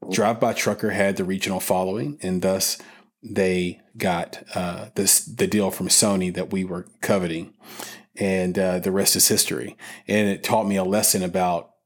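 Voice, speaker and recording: This podcast host has a low voice and a flat delivery at a moderate pace. He asks questions loosely and conversationally, with fillers and restarts, in a casual interview chat.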